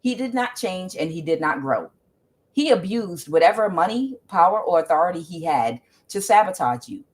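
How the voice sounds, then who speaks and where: Woman tarot reader, casual rant, emphatic, keeps saying okay, slightly low voice. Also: expressive, normal speed, breathy edge. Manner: emphatic, keeps asking "okay?", ranting asides. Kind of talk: casual tarot reading monologue.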